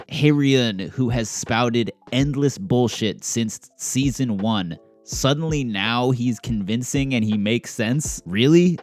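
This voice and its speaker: A young man casually recapping a drama episode, animated and sarcastic, swearing often and laughing at his own jokes. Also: medium pitch. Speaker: drama reviewer.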